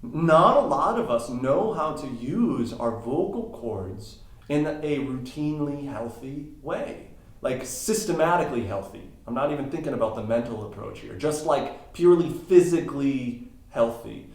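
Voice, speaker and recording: A coach appears as a guest on a podcast, explaining ideas step by step in casual interview talk with emphatic rises. His mid-range voice is expressive and a little slow, and the room echoes noticeably.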